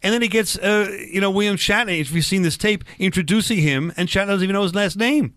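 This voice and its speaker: A man's voice: sits high, fast, fairly bright tone, dry recording, studio quality. A man hosting a radio talk show, chatting casually and rambling with fillers and restarts.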